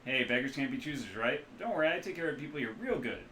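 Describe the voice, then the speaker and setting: A man voicing a cheerful, hungover, scarred middle-aged man who runs a cybernetic back-alley clinic, speaking loud and boastful with a loose Midwestern accent. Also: medium pitch, animated, fast talker, a little hiss or hum, pitched above the performer's own voice. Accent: loose Midwestern American. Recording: roomy echo, faint room ambience.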